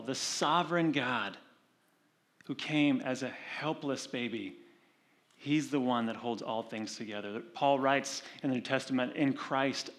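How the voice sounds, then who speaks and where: A male pastor giving a sermon, talking conversationally and slowing down to read scripture. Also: mid-range voice. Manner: conversational preaching with animated retold stories; slows and softens for scripture reading.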